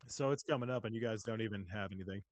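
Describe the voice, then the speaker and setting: A man's voice: on the low side, very fast. A man co-hosting a podcast over a video call, teasing and wisecracking. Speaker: podcast co-host. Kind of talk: casual chat.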